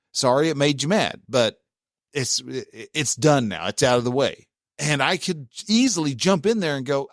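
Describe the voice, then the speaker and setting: Man, relationship advice talk, slightly high voice, dry close sound, folksy, rambling restarts. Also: no room sound. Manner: conversational, many restarts, acts out quoted spouse lines.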